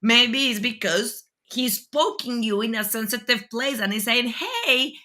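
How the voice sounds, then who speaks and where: A woman's voice: fairly high pitch, fairly even intonation, moderate pace, pushed and bright. A woman hosting an interview whose first language is Spanish. She speaks earnestly and thinks aloud as she goes. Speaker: host. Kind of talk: interview talk.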